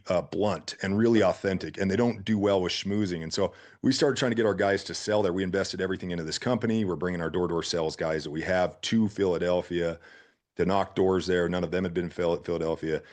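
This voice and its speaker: A man's voice: deep voice, quick pace. A middle-aged man from Utah, telling business stories as a guest in a casual interview and acting out the people he quotes. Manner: animated, acts out quotes. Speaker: guest entrepreneur. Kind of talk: casual storytelling.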